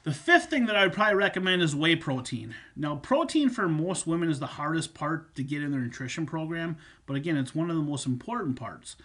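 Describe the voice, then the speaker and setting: A man's voice: on the high side, very animated, a little fast, hardly any pauses, a bit bright. A man coaching viewers on supplements and nutrition, talking casually and repeating his points with fillers. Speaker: fitness coach. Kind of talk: instructional talk on supplements.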